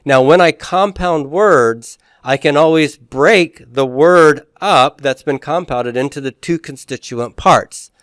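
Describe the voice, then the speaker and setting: A man's voice: a little high, takes it slowly, hardly any pauses, fairly bright tone, no echo, studio quality. A man lecturing a class on Greek pronunciation and syllable division, explaining step by step and often checking in with his listeners. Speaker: Greek teacher.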